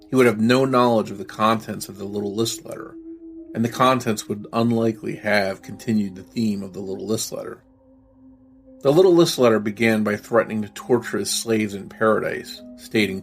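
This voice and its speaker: A man narrating a true-crime podcast from a script, laying out his reasoning in a measured, explanatory way. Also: fairly low pitch, creaky.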